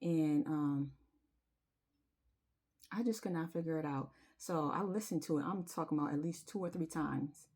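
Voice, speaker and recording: A woman's voice: low-pitched, normal speed, long pauses, darkish tone, breathy edge. A woman, telling her viewers a personal story in a confiding, emotional way and singing bits of a chorus. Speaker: spiritual vlogger.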